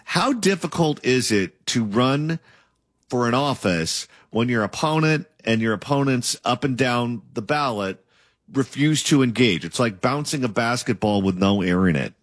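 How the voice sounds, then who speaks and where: A man's voice: mid-range voice, animated, unhurried, no echo, studio quality. A man interviewing a political candidate and asking long, opinionated questions.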